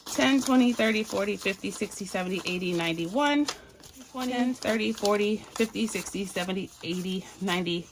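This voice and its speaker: A woman's voice: mid-range voice, normal speed, a little hiss or hum. A woman from Barbados chatting casually to her viewers while sorting and counting cash for her budget. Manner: chatty and playful, addresses viewers as y'all. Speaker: budgeting vlogger.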